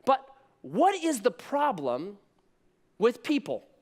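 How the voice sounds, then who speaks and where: A man in his thirties preaching a sermon, telling a story in an animated, conversational way. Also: extremely high pitch, slow. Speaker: pastor.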